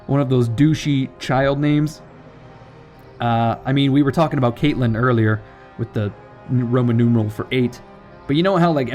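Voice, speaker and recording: A man's voice: medium pitch, a little mellow. A man giving casual gameplay commentary, rambling off on jokey tangents with profane asides. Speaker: let's play commentator.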